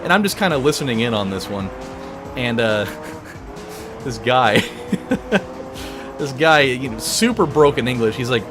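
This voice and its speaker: A man chats crudely and jokingly over a game playthrough, rambling through a story with lots of restarts. His pitch is lively and swings freely. Game music plays clearly behind him. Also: a little slow, long pauses. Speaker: let's play host. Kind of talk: casual storytelling over gameplay. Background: video game music.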